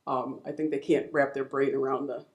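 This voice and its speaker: A woman moderating a conference panel, relaxed and conversational as she prompts her guests with questions. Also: rumbling low, a little fast. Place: symposium lecture hall. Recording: echoey conference hall on a mic.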